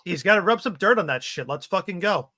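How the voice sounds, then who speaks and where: A man with a slightly high, bright and forceful voice fires off brash, profane remarks at a fast clip. He is chatting casually on a podcast, and the sound is dry with no room echo. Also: expressive. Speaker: podcast co-host. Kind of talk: casual chat.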